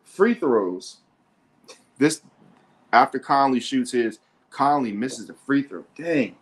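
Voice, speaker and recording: A sports show host calls a basketball game live, getting excitable and repeating himself often. His voice sits in the mid range, and he takes his time.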